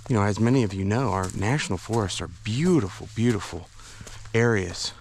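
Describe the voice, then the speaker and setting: A man's voice: lowish voice, expressive, a little fast, a little mellow, slight background noise. Breathless man rambling on a forest hike. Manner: rambling, hesitant, many fillers and restarts. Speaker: vlogger hiking a forest trail. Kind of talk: casual walk-and-talk vlog. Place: outdoors in a national forest.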